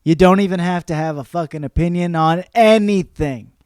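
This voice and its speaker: A man's voice: sits high, normal speed, darkish tone, clear, resonant tone, dry recording. A young man hosting a podcast and ranting for laughs, profane and rambling, often breaking into mocking voices. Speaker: podcast host. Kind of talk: comedic rant.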